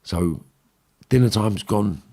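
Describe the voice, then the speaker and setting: Man, London accent, lowish voice, blunt storyteller, swears a lot, acts out dialogue. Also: takes it slowly, mellow. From England. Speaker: podcast guest. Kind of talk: storytelling in casual chat.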